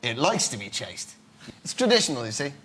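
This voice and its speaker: A man on a comedy panel, arguing in a deadpan, mock-pompous way. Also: mid-range voice, a little fast. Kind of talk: comic banter on a panel. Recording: noisy amateur recording.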